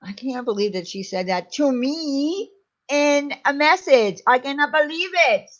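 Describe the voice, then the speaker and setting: A woman co-hosting a casual livestream and chatting in an animated way. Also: high voice, measured pace. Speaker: co-host. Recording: dull lo-fi sound.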